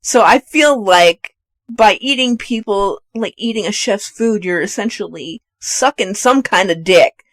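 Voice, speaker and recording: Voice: medium pitch, a little slow, no echo. A podcast co-host chatting casually about a movie, laughing often and acting out scenes. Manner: laughs often, retells scenes with lively voices. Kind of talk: casual movie review chat.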